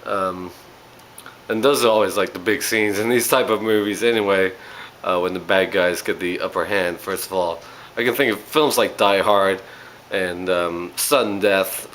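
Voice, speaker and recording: Guy w a lowish voice doing a chatty movie review, lots of ums and uhs, kinda rambly. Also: fairly bright tone, a little hiss or hum, rough recording. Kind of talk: casual spoken movie review.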